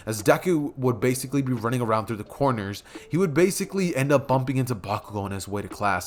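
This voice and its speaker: A man casually narrating a fan story, rambling and correcting himself as he goes. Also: mid-range voice.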